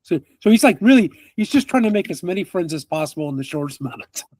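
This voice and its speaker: A man narrating as game master of a tabletop game, animated and laughing, with casual fillers. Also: sits high, fast, no echo.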